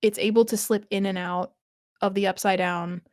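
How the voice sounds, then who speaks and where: A woman chats on a rewatch podcast in a mid-range voice, recapping scenes and musing aloud with quick restarts and laughs. Her voice sits close and dry on the mic, with no room sound around it. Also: mid-range voice, steady tone, no echo. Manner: chatty, thinking aloud with frequent restarts and laughs. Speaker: podcast co-host. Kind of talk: casual rewatch podcast chat.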